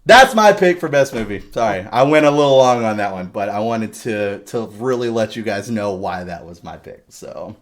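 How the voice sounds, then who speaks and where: A man hosting a casual podcast chat, retelling a movie with animated, sweary storytelling. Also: fairly low pitch, normal speed, few pauses. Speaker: podcast host.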